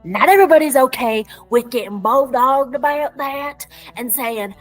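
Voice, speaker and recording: A woman with a somewhat high voice delivers a comedic promotional monologue in a playful cowboy persona. Her talk is folksy and drawling, heavy on slang. Soft music plays faintly behind her. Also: normal speed, hardly any pauses, poor audio. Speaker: clinic business promoter.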